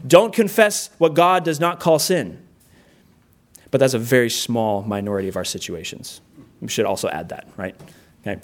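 A man's voice: mid-range voice, moderate pace. A middle-aged man preaching a sermon, earnest and plainspoken, with rhetorical questions. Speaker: pastor.

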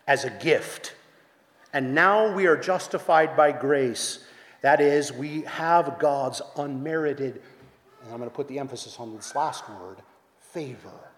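A man preaching a sermon, earnest, rising to loud emphasis and dropping to hushed tones. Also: on the high side. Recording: echoey hall with long reverb.

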